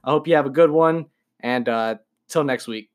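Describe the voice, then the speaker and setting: A man's voice: mid-range voice, normal speed. A young man hosting a casual podcast, rambling loosely and laughing often between thoughts. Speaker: podcast host.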